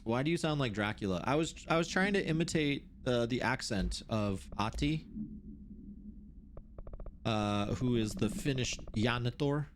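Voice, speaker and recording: A man's voice: mid-range voice, measured pace, slight background noise. A male streamer joking and reacting aloud during live gameplay commentary, reading in-game notes between quips.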